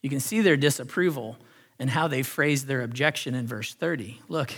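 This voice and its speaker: A male pastor preaching a sermon, earnest, rising on key phrases and dropping softly for emphasis. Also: medium pitch, normal speed, husky. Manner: earnest preaching, swells then drops to soft emphasis.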